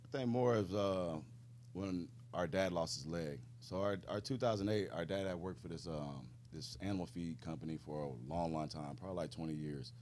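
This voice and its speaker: Low voiced guy in his 30s, ex football player on a podcast, laid back storytelling, cusses a lot. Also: normal speed, darkish tone. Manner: loose storyteller, swears freely, laughs mid-story. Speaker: guest, retired pro football lineman. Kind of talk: casual podcast conversation.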